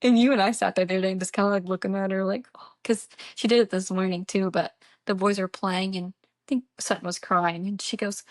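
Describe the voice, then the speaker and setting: A woman's voice: medium pitch, steady tone, a little fast, no room sound, clean studio sound. A young woman co-hosting a podcast, chatting casually and laughing as she tells stories. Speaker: podcast co-host. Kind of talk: casual chat.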